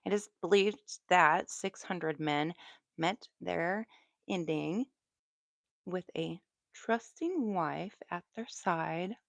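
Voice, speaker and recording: A Southern American woman tells true crime stories on a live stream, chatty and unhurried. Her voice sits a little low and she takes her time. The sound is close and dry. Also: gravelly, no room sound. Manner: relaxed, chatty, with asides. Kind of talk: live storytelling.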